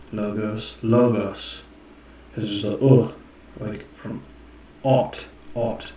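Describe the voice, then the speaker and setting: Casual male teacher, unhurried and self-correcting, recorded from a distance in a very echoey room. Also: lowish voice, little pitch movement, dark tone. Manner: rambling, self-correcting, sounds words out. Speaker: self-taught Greek learner teaching viewers. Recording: echoey room, mic far off, faint noise.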